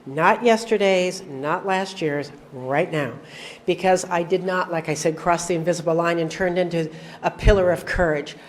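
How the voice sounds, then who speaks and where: This is a middle-aged woman telling her own story at a recovery meeting. Her voice sits slightly low, and a faint hum runs behind her. She tells it frankly, with wry jokes at her own expense. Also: normal speed. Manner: storytelling with acted-out dialogue and wry self-deprecating humor. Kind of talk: personal testimony to an audience.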